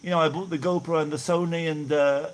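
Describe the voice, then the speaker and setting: A man's voice: on the high side, steady tone, fairly quick. Chatty middle-aged Brummie man, rambling. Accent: Birmingham English. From England. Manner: rambling, chatty, laughs often, thanks viewers by name. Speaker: live-stream vlogger. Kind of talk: casual live chat, reading out viewer messages. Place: outdoors in hot weather.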